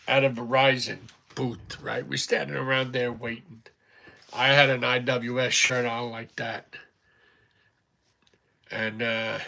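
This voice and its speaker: A middle-aged man chats casually on a livestream. His voice has a gravelly edge and a bright, forceful tone. He rambles from one story to the next in a loose, talkative way. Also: medium pitch. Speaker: livestream host.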